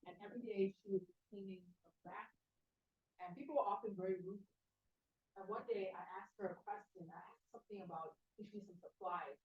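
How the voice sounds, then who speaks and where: Fast-talking woman telling a workplace story. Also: mid-range voice. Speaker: workshop co-presenter. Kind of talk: casual advice with a personal anecdote. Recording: dull lo-fi room recording.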